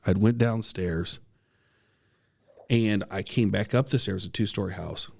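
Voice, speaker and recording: In a lowish, darkish voice with vocal fry, a male podcast co-host moves at a measured pace through a ghost story he experienced. He's casual and heartfelt, often restarting and coughing every so often.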